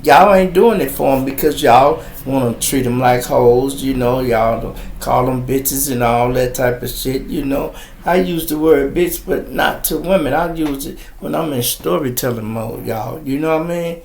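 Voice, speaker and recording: A man's voice: medium pitch, normal speed, vocal fry, a little mellow, roomy sound, slight background noise. A middle-aged man from Chicago hosting a live podcast, telling streetwise, profane stories in casual talk. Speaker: podcast host. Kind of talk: casual live-stream storytelling.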